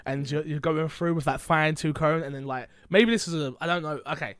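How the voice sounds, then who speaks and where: A fairly high-voiced man with a London accent chats loosely as a podcast host, wandering into jokey tangents. He sounds stuffy with a blocked nose and sore throat. The recording is close and dry. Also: brisk, fairly bright tone, clean tone, no room sound. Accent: London English. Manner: rambling, joking, tangent-prone. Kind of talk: casual podcast chat.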